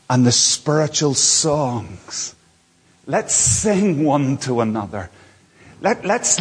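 A man preaching a sermon from a church platform, earnest and repetitive, moving between soft asides and lifted emphasis. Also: medium pitch, slightly rough, long reverb tail.

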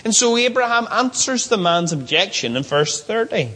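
High-voiced preacher, earnest, leans on his points, keeps asking the crowd questions. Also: big pitch swings, moderate pace, bright, forceful tone. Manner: earnest, questioning the audience, emphatic. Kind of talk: expository sermon.

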